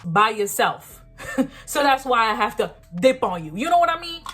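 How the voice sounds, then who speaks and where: Candid, animated young woman telling a story. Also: on the high side, moderate pace, soft background music. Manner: candid, animated storytelling with frequent laughs and slang. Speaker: vlogger. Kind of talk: casual storytime while getting ready.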